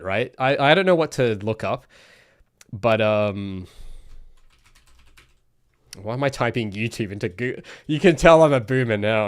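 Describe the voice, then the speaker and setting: A man's voice: mid-range voice, no room sound, clean studio sound. A young man who streams his game development, chatting casually in a rambling, ranty way that keeps interrupting itself. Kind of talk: casual livestream chat.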